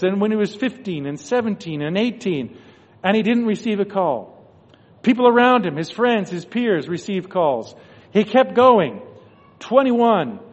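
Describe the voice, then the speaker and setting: A man with a high-pitched voice delivers a devotional talk as a story, slipping into the voices of the people he describes. His words ring out in a large hall with a long reverb tail. The recording sounds dull and muffled. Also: darkish tone. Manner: storytelling, acting out quoted thoughts. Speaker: religious speaker.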